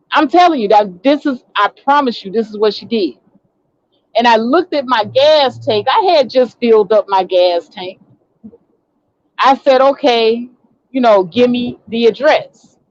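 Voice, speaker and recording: On a muffled recording with no echo, a fairly high-voiced woman from Chicago, an online talk show host, delivers an indignant, casual monologue. She rants through the story and acts out what people told her.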